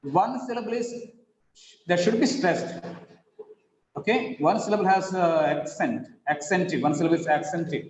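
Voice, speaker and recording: A man teaching an online phonetics class, patiently repeating words slowly to model stress. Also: sits high, animated, a little hiss or hum. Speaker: English teacher. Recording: echoey, dull online call audio.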